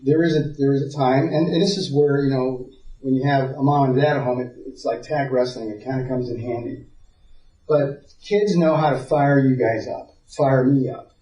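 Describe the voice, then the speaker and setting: A man's voice: medium pitch, dark tone. A man teaching a parenting seminar to a live audience, telling stories, repeating words as he thinks and checking in with the listeners. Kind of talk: conversational teaching talk. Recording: dull, roomy sound from far off.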